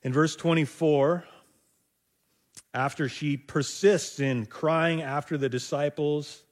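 A man's voice: a little high, fairly even intonation, slow pace. A male pastor preaching a conversational sermon, thinking aloud with rhetorical asides to his listeners.

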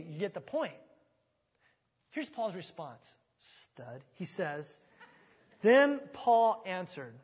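A man preaching a sermon in a casual, conversational way, swinging from loud pleading to quiet, low asides. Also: sing-song, slow, pauses often, husky. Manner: conversational, dramatic retelling with big swings in volume. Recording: reverberant hall.

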